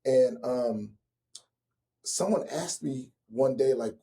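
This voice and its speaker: Mellow-voiced man telling his story. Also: medium pitch, creaky. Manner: slow and earnest, turning animated when telling funny stories. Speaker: guest, author and relationship coach. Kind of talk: reflective personal storytelling.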